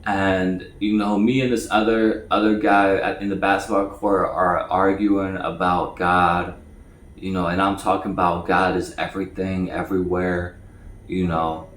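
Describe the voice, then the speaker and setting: Male storyteller, casual, stammering and repeating himself, slightly low voice, roomy echo. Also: little pitch movement, unhurried, a little hiss or hum. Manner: stammers and repeats words, acts out quoted voices higher and louder. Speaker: storyteller recounting his past. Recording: echoey room.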